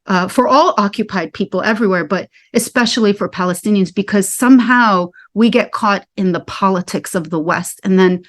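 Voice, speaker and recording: A woman's voice: mid-range voice, normal speed, few pauses. A woman speaking earnestly in a discussion, impassioned, repeating phrases for emphasis. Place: Staten Island.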